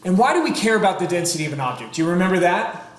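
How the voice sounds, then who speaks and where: A man in his thirties teaches a chemistry class in a high, sing-song voice, talking rapid-fire. His classroom lecture is chatty, laced with dry sarcastic humor and asides to students. The classroom sounds very echoey, with faint room noise.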